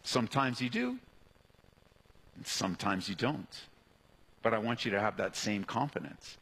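A man's voice: medium pitch, fairly bright tone. A man preaching a sermon as a pastor, emphatic and climbing to fervent peaks, calling out questions to his congregation in a church. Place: church sanctuary. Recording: long reverb of a large hall.

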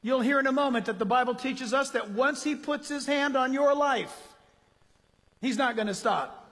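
A male pastor preaching a sermon in an animated, conversational way, full of rhetorical questions. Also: very high voice, moderate pace. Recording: long hall reverb.

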